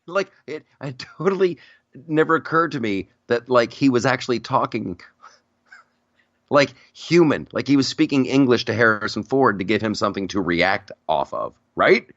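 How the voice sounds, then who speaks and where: A man hosting a podcast in casual chat, telling stories in a rambling, animated way with frequent restarts. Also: medium pitch, moderate pace, no echo, muffled recording. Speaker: podcast host.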